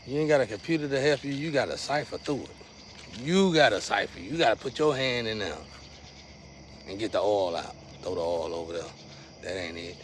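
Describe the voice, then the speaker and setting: A man's voice: fairly low pitch, lively intonation, normal speed, a little hiss or hum. A man giving a casual, rambling monologue to his viewers in loose slang. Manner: rambling, slangy, restless swings in loudness. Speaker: vlogger.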